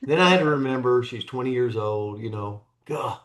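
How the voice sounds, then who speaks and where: A man's voice: medium pitch, moderate pace, reverberant. A man hosting a motivational show as a coach, talking in an earnest, folksy way and repeating his phrases. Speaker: coach and host. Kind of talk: motivational talk.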